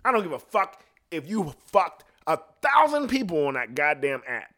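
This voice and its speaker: A man's voice: fairly high pitch, big pitch swings, normal speed, a bit bright. A middle-aged man ranting crudely in a casual rambling monologue, telling stories and quoting others in passing voices. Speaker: podcast host. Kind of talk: profane casual rant.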